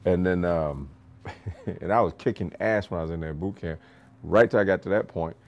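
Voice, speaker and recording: A middle-aged man tells stories in a relaxed podcast chat, and his speaking voice sits on the low side. He swears freely and laughs often, and he gets animated as he talks. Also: normal speed, muffled recording. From rural United States. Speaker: podcast storyteller, martial arts master. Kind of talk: casual storytelling.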